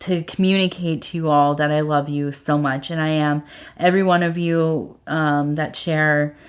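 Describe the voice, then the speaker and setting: Low-voiced emotional woman, rambling fondly. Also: fairly even intonation, normal speed, smooth. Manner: rambling and hesitant, many fillers; earnest and affectionate. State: emotional, on the verge of tears. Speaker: tea leaf reader. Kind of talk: casual spoken sign-off to viewers.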